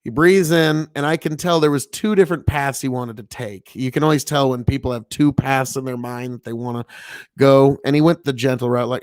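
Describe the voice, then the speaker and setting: A Nebraska farmer livestreams from inside an old family mill, talking casually and profanely and rambling with plenty of fillers. His medium-pitched voice is steady and brisk, captured in a dry, clean studio-quality recording.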